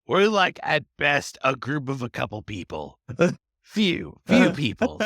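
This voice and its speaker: A man's voice: mid-range voice, huge pitch swings, measured pace, vocal fry, a bit bright, no echo, studio quality. A man playing a tabletop game, talking in a hesitant, rambling way. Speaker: player. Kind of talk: tabletop role-play chat.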